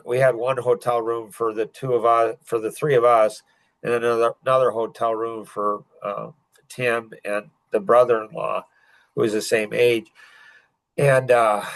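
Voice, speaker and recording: An older man telling a painful personal story as a podcast guest, halting and full of restarts. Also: mid-range voice, vocal fry, no echo, low-quality recording. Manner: halting, emotional retelling with many restarts.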